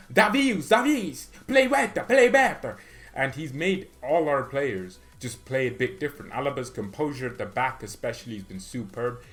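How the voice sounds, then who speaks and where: A man hosting a football fan channel, talking casually at a mid pitch. He rambles and fills his sentences with "you know" and "like." Faint music runs under his voice. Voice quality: rambling, chatty, filler-heavy.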